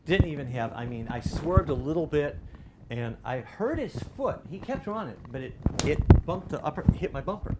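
A man's voice: on the high side, big pitch swings, moderate pace, background noise. A middle-aged man, preaching a sermon in a loose, conversational storytelling way, often restarting his sentences. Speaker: pastor.

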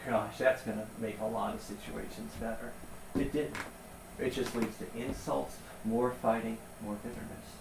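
A man preaching a sermon in a conversational, animated storytelling way. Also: mid-range voice, moderate pace, gravelly, noisy background. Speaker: pastor. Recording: roomy sound from a distance.

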